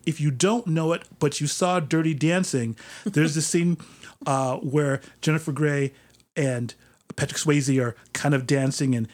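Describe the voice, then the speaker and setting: A man's voice: fairly high pitch, darkish tone. A man hosting a podcast in casual conversation, telling stories with chatty asides and laughing between them. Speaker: podcast host.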